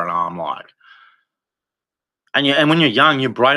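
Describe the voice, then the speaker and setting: A man hosting a livestream, delivering a rambling, impassioned religious monologue with sudden jumps in pitch. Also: animated, normal speed, pushed and bright. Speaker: livestream host.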